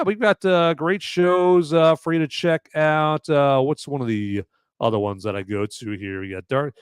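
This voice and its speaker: Casual male podcast host reviewing movies live, rambling with fillers, smooth clear tone, mid pitch. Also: no room sound, clean studio sound. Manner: rambling, many fillers and restarts.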